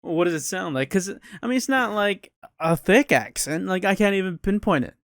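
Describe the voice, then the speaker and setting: A man's voice: sits high, expressive, normal speed, no room sound, studio quality. A young man from Minnesota hosting a casual podcast chat, rambling and swearing casually. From Minnesota, USA. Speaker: podcast host.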